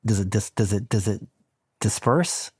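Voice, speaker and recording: A man's voice: fairly low pitch, moderate pace, a little mellow, husky, dry recording, clean studio sound. A man hosting a podcast, interviewing a guest and jumping in eagerly with follow-up questions, repeating words as he starts. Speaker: podcast host.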